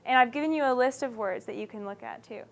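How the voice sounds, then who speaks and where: High-pitched female teacher, animated classroom delivery, keeps checking in with her students. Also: fast, vocal fry. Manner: animated, checks understanding often. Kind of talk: classroom writing lesson.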